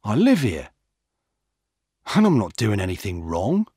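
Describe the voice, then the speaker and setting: A man's voice: on the low side, wildly swooping pitch, a little slow, darkish tone, slightly rough, dry recording, clean studio sound, heavily acted. A man reading a storybook aloud, voicing a defensive, cheeky young male jogger.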